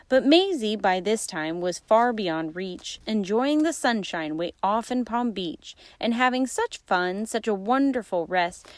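Woman storyteller, rhyming picture-book read-aloud, lively, somewhat high voice, dry close recording. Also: no echo. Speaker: insurance agent reading aloud.

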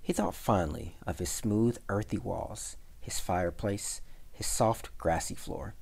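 A man, a community center director, reading a fable aloud with expressive storytelling. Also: lowish voice, unhurried, vocal fry, breathy edge.

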